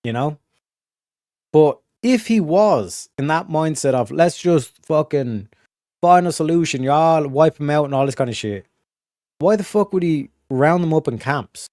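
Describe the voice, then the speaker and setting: A man streaming a casual, rambling monologue, swearing constantly and full of fillers and restarts, going from emphatic to low muttered asides. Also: darkish tone, dry recording, studio quality. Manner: profane, filler-heavy, restarts often. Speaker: streamer hosting a study session.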